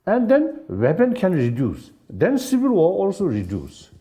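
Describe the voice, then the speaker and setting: An older man who is not an English speaker, talking in a halting, searching way with many fillers and ready laughs. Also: sits high. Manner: laughs easily, animated. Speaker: spiritual leader in dialogue. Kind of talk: unscripted dialogue.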